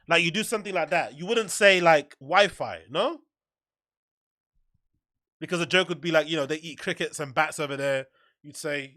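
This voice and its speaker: A man's voice: a little high, a little fast, pushed and bright, no room sound, studio quality. A male podcast host giving a casual, mocking reaction commentary and laughing often.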